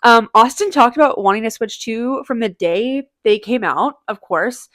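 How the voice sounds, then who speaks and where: A woman's voice: fairly high pitch, lively intonation, moderate pace, fairly bright tone, dry recording, clean studio sound. A woman co-hosting a casual podcast, chatty and profane, with teasing asides to listeners. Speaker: podcast co-host. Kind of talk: casual chat.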